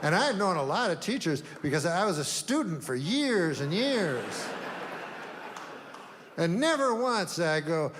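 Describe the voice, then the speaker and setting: A man doing a stand-up routine on a comedy stage, deadpan and rambling, with long setups. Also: high voice, measured pace. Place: comedy stage before a live audience. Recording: long hall reverb, faint noise.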